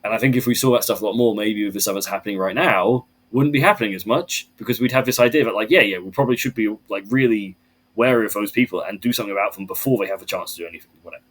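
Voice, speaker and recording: Male podcast guest, lowish voice, casual and profane, ranting with energy. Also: racing, a bit bright, breathy edge.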